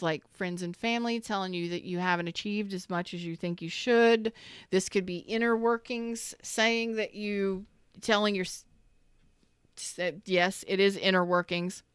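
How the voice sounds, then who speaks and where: A woman's voice: medium pitch, fairly bright tone, clean tone, no echo, studio quality. A woman doing a live tarot reading on a stream, chatty and slangy, greeting viewers by name and repeating herself. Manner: swears casually, slangy.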